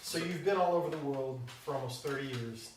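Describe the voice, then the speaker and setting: A man hosting a casual interview, asking relaxed, prompting questions. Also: medium pitch, a little fast, background noise. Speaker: podcast host. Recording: very echoey room, distant mic.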